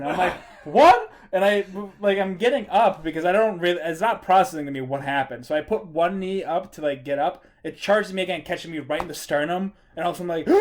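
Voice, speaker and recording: A man co-hosting a casual podcast, telling a story in an animated way and laughing as he goes. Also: fairly high pitch. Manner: animated, acts out his own story with laughter. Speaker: podcast co-host.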